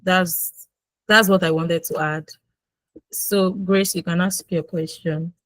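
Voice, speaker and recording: A woman from Nigeria with a Nigerian English accent, giving casual mentoring advice in quick, animated speech and acting out quoted exchanges. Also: on the low side, dry recording, rough recording. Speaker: guest mentor.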